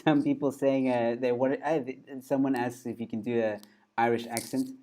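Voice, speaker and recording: A man's voice: medium pitch, flat delivery, moderate pace, dark tone. A man hosting an interview, tossing playful challenges at his guest. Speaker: host. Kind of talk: casual interview chat.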